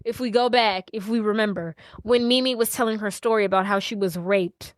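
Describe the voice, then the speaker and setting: Brisk and medium-pitched, this woman retells a movie's story as a podcast co-host, performing each character's lines with plenty of profanity. It's a dry recording with clean studio sound.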